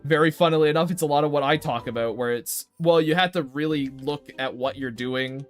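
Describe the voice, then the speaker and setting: Brisk and on the high side, this young man talks to his stream audience while he draws, faint music in the background. It's casual livestream chat full of ranting and cursing.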